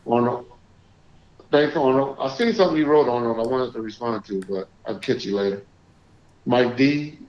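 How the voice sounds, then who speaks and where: A man hosting a live call-in stream, chatting casually and reading out shout-outs to viewers. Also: medium pitch, moderate pace. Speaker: livestream host. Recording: echoey, dull lo-fi stream audio.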